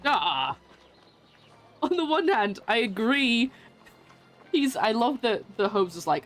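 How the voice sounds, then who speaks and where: A woman's voice: fairly high pitch, sing-song, slow, pauses often, faint music behind. A woman streaming a video game and chatting casually as she plays, giggling often and making fun of herself. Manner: giggly, chatty, self-mocking. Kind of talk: casual let's-play commentary.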